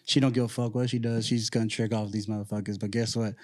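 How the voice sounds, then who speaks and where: A man's voice: fairly low pitch, fairly quick. Swearing, laughing man telling stories. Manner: profane, laughing, animated storytelling. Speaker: co-host and security guard. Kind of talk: casual chat.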